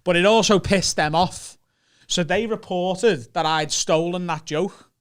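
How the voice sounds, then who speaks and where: A Liverpool man with a Scouse accent tells sweary, animated stories to his mates. His voice sits high and comes through smooth and clear. He talks in a loose, casual way. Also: unhurried. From Liverpool, England. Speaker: comedian and podcast host. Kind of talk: casual chat.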